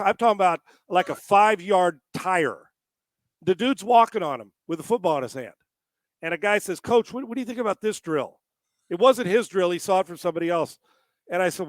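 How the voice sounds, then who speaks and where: A man co-hosting a sports talk podcast, ranting with lots of swearing, laughing often and breaking into shouts. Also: fairly high pitch, no echo. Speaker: podcast co-host.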